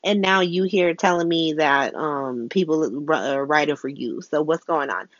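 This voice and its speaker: A woman's voice: low voice, moderate pace, no room sound, muffled recording, lightly acted. A woman voicing a blunt, unbothered female crime boss with sassy, slangy talk. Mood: mocking.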